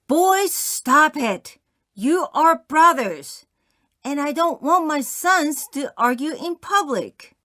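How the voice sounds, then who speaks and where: A woman's voice: high-pitched, measured pace, sharp tone, no echo, studio quality, voice pushed up. A woman voicing a mother who firmly scolds her two sons. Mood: scolding. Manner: firm, scolding.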